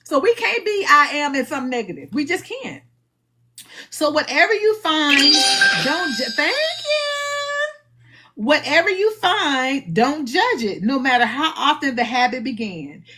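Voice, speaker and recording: A woman hosting a live book discussion, animated and preachy, acting out little dialogues as she goes. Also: high voice, moderate pace. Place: live online stream.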